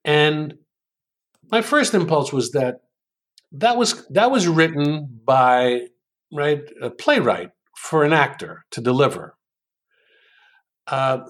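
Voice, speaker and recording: A man speaking in an interview, explaining a writing idea through unhurried stories with plenty of ums and pauses. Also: on the high side. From New York. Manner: unhurried storytelling with many ums. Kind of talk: interview conversation.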